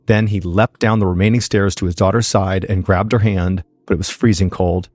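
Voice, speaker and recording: A man's voice: deep voice, steady tone, moderate pace, darkish tone, no echo, faint music behind. Man narrating a suspenseful true story. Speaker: podcast host and storyteller. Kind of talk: scripted true-crime narration.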